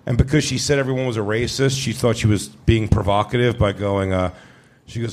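A man's voice: fairly low pitch, steady tone, fairly quick, darkish tone, slight background noise. A man who is a comedian, telling a story in a casual chat, brash and profane, laughing as he goes.

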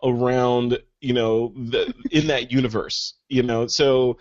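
A man's voice: mid-range voice, level tone, slow, darkish tone, no echo, highs cut off. Joking male podcast host, dry sound. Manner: jokey, rambling, with many restarts. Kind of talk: casual conversational interview.

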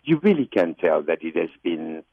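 Hesitant French caller on a muffled line. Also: male voice, low voice, big pitch swings, breathy edge, no echo. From France. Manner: hesitant, halting with pauses. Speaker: radio caller.

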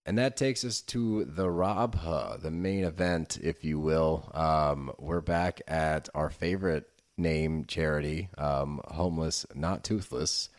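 A man's voice: a bass voice, slow pace, hardly any pauses. A man co-hosting a podcast, recapping a reality show in casual, sweary chat that turns heated. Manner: heated, sweary, laughs easily. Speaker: podcast co-host.

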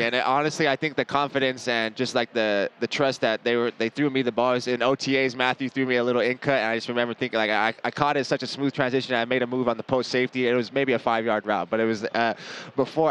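A young man from Las Vegas, a football player guest in a casual interview, excitable and laughing often, his voice jumping high when he quotes himself. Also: fast talker, hardly any pauses, clear, resonant tone. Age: young adult.

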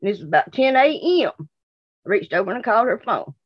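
A woman's voice: mid-range voice, big pitch swings, brisk, slightly rough, dry recording, muffled recording. A woman with a Southern US accent from Mississippi, bluntly and indignantly recounting her daughter's disappearance in an interview, repeating herself. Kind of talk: emotional interview testimony.

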